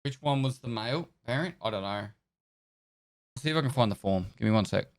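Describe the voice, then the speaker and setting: A man's voice: medium pitch, lively intonation, brisk, dry recording, clean studio sound. A man chatting casually to his livestream viewers, rambling and tripping over words, laughing and swearing as he goes. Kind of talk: casual chat with chat.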